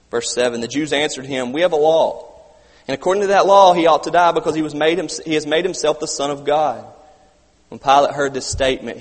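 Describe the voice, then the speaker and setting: A man preaching a sermon, reading scripture aloud and breaking off to comment, swinging from loud urgency to quiet emphasis. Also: mid-range voice. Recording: long hall reverb.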